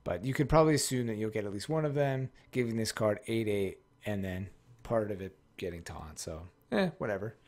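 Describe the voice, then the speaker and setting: A man with a fairly low voice talks casually through a card pack opening. He rambles, corrects himself mid-thought and swears freely. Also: brisk, a little mellow.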